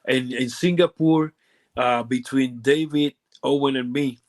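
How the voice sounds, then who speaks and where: Puerto Rican man telling halting stories. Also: mid-range voice, steady tone, darkish tone. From Puerto Rico. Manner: halting, lots of fillers and restarts, broken grammar. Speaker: guest, former pro wrestler. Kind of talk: casual storytelling interview.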